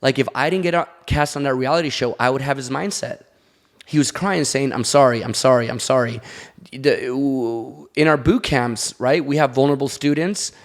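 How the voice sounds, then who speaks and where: A man's voice: mid-range voice, moderate pace. A man talking casually on a podcast, telling candid personal stories in an open, confessional way. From Latin American background. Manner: candid storytelling. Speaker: podcast guest.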